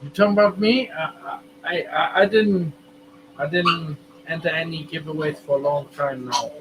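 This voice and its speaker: A man chatting as a guest on a livestream, halting and repeating his words. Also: on the high side. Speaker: regular guest. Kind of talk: casual livestream chat. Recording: noisy stream audio.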